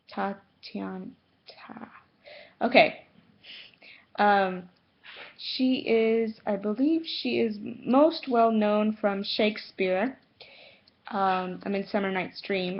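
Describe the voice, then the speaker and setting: A woman talking to her viewers in a slow, unhurried way, stopping often to search for words and correct herself. Her pitch sits in an ordinary middle range. The sound is dull and lo-fi, like a home video. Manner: halting, many fillers and self-corrections. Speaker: spiritual vlogger. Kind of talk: casual talk to camera.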